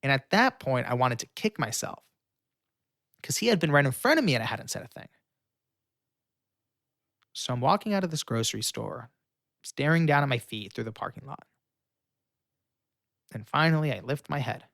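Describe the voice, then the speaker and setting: A young man telling a story with lively energy, filling it with fillers and acting out the voices of the people in it. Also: medium pitch, normal speed, creaky, pauses often, dry recording, clean studio sound. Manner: acts out quoted voices, shouting and pleading; frequent fillers. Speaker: guest storyteller. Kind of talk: animated storytelling.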